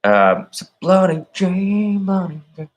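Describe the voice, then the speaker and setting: A man putting on a teasing, singsong Southern-accented chanting voice, high and drawn out. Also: sing-song, takes it slowly, exaggerated voice. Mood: taunting chant.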